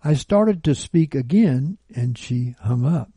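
A man's voice: medium pitch, lively intonation, slow pace, dark tone, husky, no echo. A man narrating a personal account in an earnest, pleading storytelling manner.

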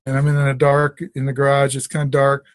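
A man's voice: medium pitch, completely flat delivery, fairly quick, a little hiss or hum. A middle-aged man sharing a personal faith testimony in a casual, rambling way, with restarts and asides, on a conference call. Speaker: testimony sharer.

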